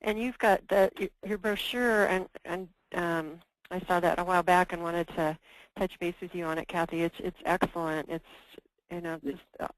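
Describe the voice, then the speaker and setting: A woman's voice: lowish voice, steady tone, moderate pace, dry recording, low-quality recording. A woman leading a conference call discussion, hesitant and full of fillers and restarts. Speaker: meeting presenter.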